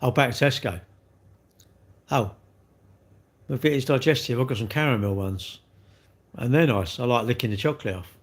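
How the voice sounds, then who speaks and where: English guy rambling to his live chat, blunt and slangy, middle pitch. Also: normal speed, pauses often. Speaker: live streamer. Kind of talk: casual live-stream chat answering viewers.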